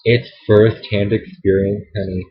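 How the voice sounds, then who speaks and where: A man's voice: flat delivery, measured pace, breathy edge. A young man venting to the camera in a heated, profane, sassy rant, recorded on a poor built-in camera mic. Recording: dull low-quality camera audio.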